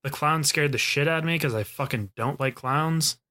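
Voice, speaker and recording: A man's voice: on the high side, moderate pace, crowd noise. A man co-hosting a podcast, chatting in a laid-back way and telling stories. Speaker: podcast co-host. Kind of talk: casual chat.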